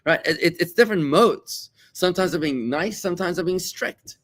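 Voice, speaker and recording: A middle-aged man from South Africa, a rabbi giving a conversational class, animated and quick to act out quoted voices. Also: high-pitched. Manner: animated, repeats words, acts out quoted voices.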